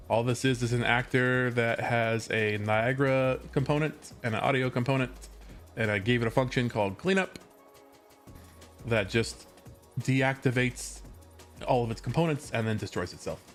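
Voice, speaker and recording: A low-pitched American man talks loosely through a live stream, drifting between thoughts and fixing his own sentences as he goes. Soft music plays faintly behind him. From California, USA. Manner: rambling, self-correcting, chatty with viewers. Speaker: livestreamer and game developer. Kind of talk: casual live-stream chat while working.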